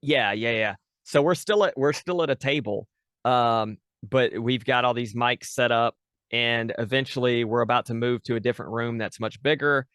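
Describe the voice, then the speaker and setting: Man, chatty guest, smooth resonant voice, dry close sound. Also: medium pitch, moderate pace, fairly bright tone, dry recording. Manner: chatty, many fillers and restarts. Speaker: podcast dungeon master, guest. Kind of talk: casual interview chat.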